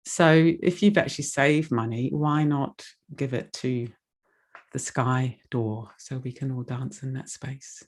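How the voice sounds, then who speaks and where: A woman's voice: a bass voice, steady tone, a little slow. A woman giving a heartfelt, rambling donation appeal in an online meditation session, emotional and close to tears. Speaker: speaker making a donation appeal.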